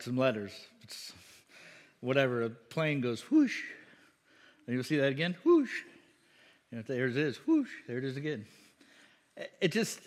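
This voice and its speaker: A pastor preaches a conversational sermon in a church hall, full of fillers, asides and repetitions. His voice is fairly high, pushed and bright, and a long hall reverb trails behind it.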